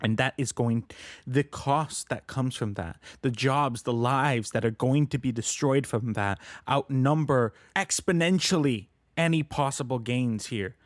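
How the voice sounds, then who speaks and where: A man's voice: medium pitch, unhurried, no room sound, studio quality. A man co-hosting a podcast, who talks politics with passion and stumbles over repeated words when worked up. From Canada. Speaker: podcast producer and co-host. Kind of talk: casual political discussion.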